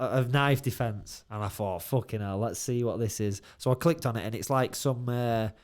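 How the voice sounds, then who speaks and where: Medium in pitch, his voice is darkish, clear, and resonant. He's co-hosting a studio podcast, swapping animated stories in a relaxed chat full of laughter and heavy swearing.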